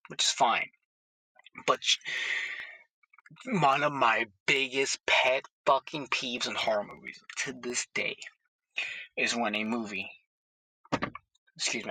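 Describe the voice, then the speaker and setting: A man's voice: medium pitch, bright, forceful tone, dry recording, low-quality recording. A man in a casual, blunt and profane vlog monologue, recorded on a phone inside his car. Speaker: horror movie vlogger. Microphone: phone held away from the mouth.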